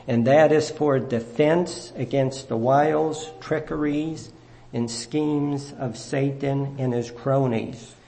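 A man delivers a sermon in a measured, earnest teaching voice. His tone has a gravelly rasp, and his pitch sits in a middle register. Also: a little mellow. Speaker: preacher.

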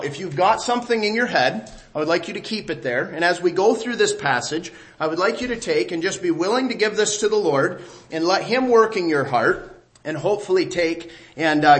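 A man preaching a sermon as pastor, talking conversationally, asking rhetorical questions, his voice dropping low and quiet at the ends of phrases. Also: animated, a little fast.

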